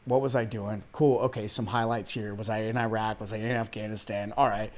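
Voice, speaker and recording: A man's voice: lowish voice, little pitch movement, a little fast. A man in his thirties from Iran, a weight loss coach and podcast guest, telling his life story in an earnest, heartfelt, casual way, calling the host "man" and "dude" and at times close to tears. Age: 30s. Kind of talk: casual interview conversation.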